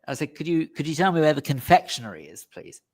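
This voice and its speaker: A man in casual radio studio chat, telling an animated story and voicing the people in it. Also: on the high side, quick pace. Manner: animated storyteller, voices quoted lines.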